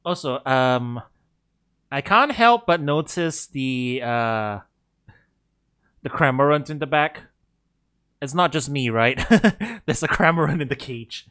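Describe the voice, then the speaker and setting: Chatty male streamer with lively pitch. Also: takes it slowly, long pauses. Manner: chatty, laughs often, self-deprecating. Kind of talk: casual gameplay commentary.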